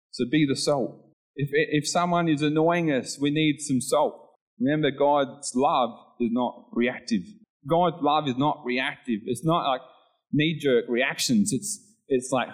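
A man's voice: mid-range voice, moderate pace, poor audio. A middle-aged man preaching an informal sermon in a chatty way, acting out little scenes with sudden voice changes.

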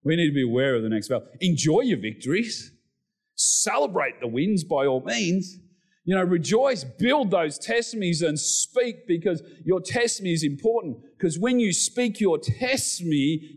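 A middle-aged man preaching a sermon, animated, with excited exclamations and humorous asides. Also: high-pitched. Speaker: pastor.

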